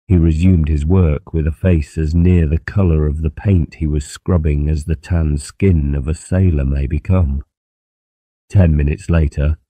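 A man narrates an old novel in a steady, measured reading. His voice is extremely low and very dark. The recording is dry and close. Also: dry recording. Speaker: audiobook narrator. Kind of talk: scripted narration.

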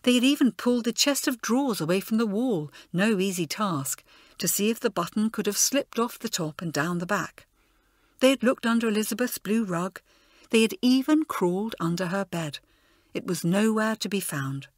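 A woman narrating a children's audiobook with expressive storytelling. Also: medium pitch, moderate pace, dry recording, clean studio sound. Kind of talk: scripted narration.

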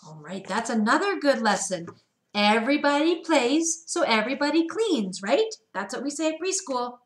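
A preschool teacher reads picture books aloud in a gentle, sing-song way, stopping to ask the children questions. Her voice sits a little high for a woman, and it rings in a roomy, echoey space. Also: big pitch swings, moderate pace. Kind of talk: storybook read-aloud for young children.

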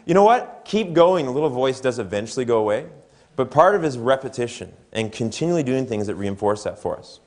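A man's voice: medium pitch, big pitch swings, brisk. A man giving a motivational keynote at a conference, talking conversationally and asking the audience questions. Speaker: keynote speaker. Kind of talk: motivational seminar talk. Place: conference hall before an audience.

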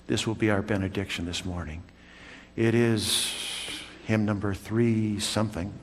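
A man preaching a sermon in a church, swinging from loud calls down to hushed whispers. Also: fairly low pitch, steady tone, measured pace. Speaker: pastor. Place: church sanctuary. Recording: long church hall reverb.

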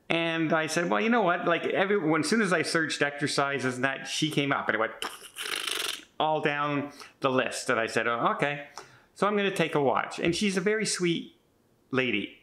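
This vlogger, a man in his fifties from Canada, has a slightly high, fairly bright voice. He talks casually and chattily, rambling with lots of restarts while sounding earnest and somewhat defensive.

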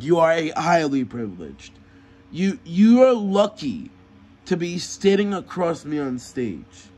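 A man voicing a brash young male underdog fighter who boasts loudly at a mock fight press conference. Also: on the high side, breathy edge, exaggerated voice. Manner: loud, boastful trash talk.

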